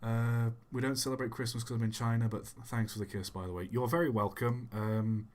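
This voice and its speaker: A soft-spoken young man answering chat questions on a casual livestream, rambling and self-deprecating. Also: mid-range voice, fairly even intonation, a little fast. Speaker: YouTube channel host. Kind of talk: casual livestream Q&A while gaming.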